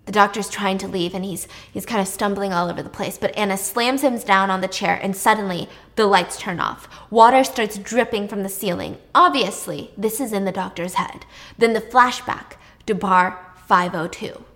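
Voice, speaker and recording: A woman's voice: mid-range voice, normal speed, few pauses, a bit bright. A woman retelling a plot in a casual, chatty way, full of asides. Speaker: plot recapper. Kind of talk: casual storytelling recap.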